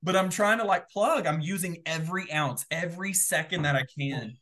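A man guest telling an excitable, animated story in a casual interview, full of fillers and quick asides. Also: a little high. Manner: excitable, animated, rapid filler-heavy retelling. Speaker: guest, former game show contestant.

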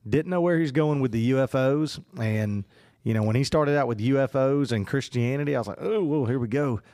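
A man's voice: medium pitch, fairly quick, darkish tone, no room sound, studio quality. A man co-hosting a casual faith podcast, rambling with many fillers and restarts. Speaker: podcast co-host.

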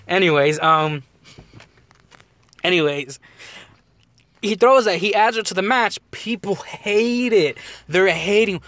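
Guy hosting a podcast, kinda high voice, rambly and laughing a lot, dry close sound. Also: takes it slowly, long pauses, no echo. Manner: rambling, animated, laughs often. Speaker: podcast host. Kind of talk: casual wrestling chat.

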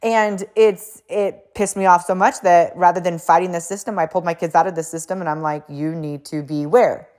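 A woman hosting a podcast, telling a story in a blunt, animated way with frequent fillers, casual swearing and acted-out quotes. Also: on the low side, brisk, hardly any pauses. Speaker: podcast host and coach.

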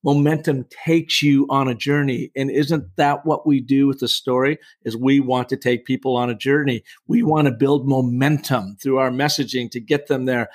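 A man's voice: medium pitch, fairly even intonation, normal speed, few pauses. A middle-aged man, a storytelling coach, talking in a podcast interview with an emphatic, persuasive coaching tone.

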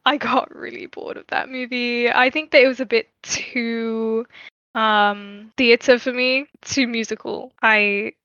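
A woman's voice: fairly high pitch, level tone, measured pace, a bit bright, smooth, no echo. A young woman co-hosting a casual podcast chat, speaking earnestly and hedging her opinions. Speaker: podcast co-host. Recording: dull, lo-fi dry mic.

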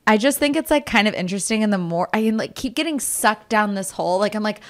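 A woman's voice: mid-range voice, quick pace, few pauses. A young woman co-hosting a podcast, chatting casually and animatedly, swearing freely and acting out what others might say. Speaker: podcast co-host. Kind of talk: casual chat.

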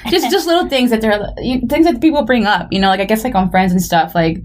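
Woman chatting, tells stories all animated, plays out the back and forth. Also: a little high, fast, a little hiss or hum. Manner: animated storyteller who acts out quoted exchanges. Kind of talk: casual chat.

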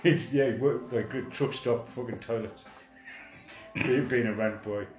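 A man co-hosts a laid-back podcast chat in a mid-range voice at a slightly slow pace, swearing and joking at his own expense while restarting sentences often. Soft background music plays in a room with a spacious sound.

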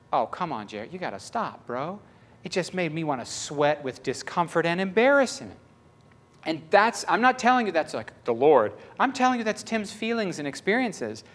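A man's voice: a little high, fairly bright tone. A man preaching a sermon in a conversational, emphatic way.

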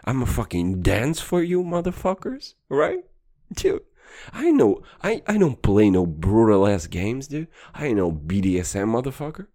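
A man's voice: on the low side, very animated, moderate pace, warm tone. A man hosting a podcast, rambling through a crude, profane, boastful comedy rant. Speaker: podcast host.

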